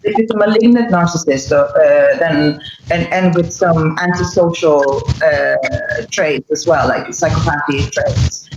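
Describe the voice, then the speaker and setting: Woman guest, emphatic explainer; roomy, dull remote line with loud hiss behind her. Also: sits low, measured pace. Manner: emphatic, acts out quoted lines. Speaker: podcast guest. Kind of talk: explanatory casual talk. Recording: roomy muffled mic with loud background noise.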